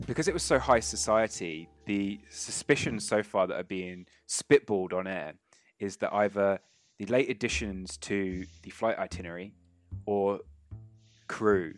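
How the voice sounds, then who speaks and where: A man running a tabletop role-playing game as game master, chatty and laughing often. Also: low voice.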